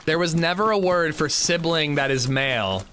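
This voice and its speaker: A man's voice: fairly high pitch, normal speed, sharp tone, slight background noise. A man streaming a game, chatting casually and rambling in a self-mocking way. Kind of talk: casual chat while gaming.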